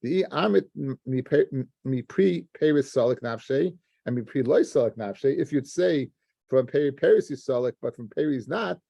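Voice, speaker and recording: A man with a gravelly, dark voice teaches a daily Talmud lesson in a dry, close-sounding room. He works through the text step by step, stumbling and restarting words as he talks to his students. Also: medium pitch, animated, normal speed, dry recording. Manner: explains step by step, restarts words, addresses listeners as guys.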